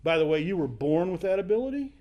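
Man, high voice, sermon, conversational Bible teaching, acts out quotes. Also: very animated, fast, warm tone.

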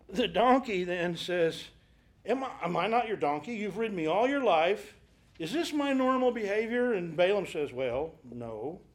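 High-voiced man leading a Bible class. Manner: conversational storytelling with rhetorical questions. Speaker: Bible study teacher.

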